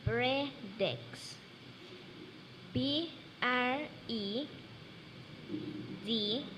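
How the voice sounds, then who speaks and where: A female spelling bee contestant spelling words slowly and hesitantly, letter by letter. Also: fairly high pitch. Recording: noisy room sound.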